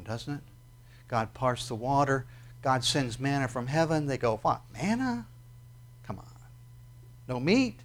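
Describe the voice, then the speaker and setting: A pastor with a mid-range voice preaches a sermon conversationally, often putting questions to his listeners.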